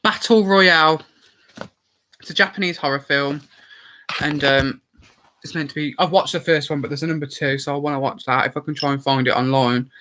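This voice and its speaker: A man's voice: fairly high pitch, fairly even intonation, fairly quick, pushed and bright. A man rambling casually on a live stream, chatty and swearing freely.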